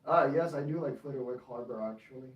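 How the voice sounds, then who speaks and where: A young man streaming his model railway layout in casual commentary, excitable and prone to yelling at the trains. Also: medium pitch, quick pace, highs cut off. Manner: excitable, yells at toy trains.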